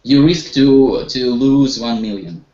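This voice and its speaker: Taking it slowly in a medium-pitched, dark voice, a man leads an online English class for a group, prompting students with questions and encouraging them despite some hesitations. The call audio sounds dull and echoey.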